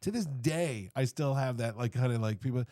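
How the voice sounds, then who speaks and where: A man's voice: medium pitch, normal speed, dark tone, dry recording, clean studio sound. A man guest on a podcast, telling stories in casual chat and acting out tough street banter with mock threats. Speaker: podcast guest, comic convention founder.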